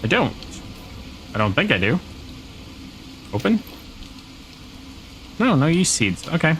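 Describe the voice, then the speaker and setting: A man's voice: on the high side, sing-song, takes it slowly, a bit bright, slight background noise. A man streaming a survival game, casually thinking aloud and shrugging off setbacks as he plays. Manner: laid-back, thinking aloud, shrugging things off. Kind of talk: casual live gameplay commentary.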